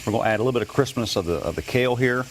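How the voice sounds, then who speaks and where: A man's voice: medium pitch, racing, a little hiss or hum. A man, a guest chef, demonstrating a recipe on a morning TV show in a studio kitchen, talking in a rambling way with many fillers and restarts.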